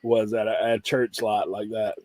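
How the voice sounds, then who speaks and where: A man in casual chat about reselling, telling animated stories and laughing often. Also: lowish voice, moderate pace, dry recording.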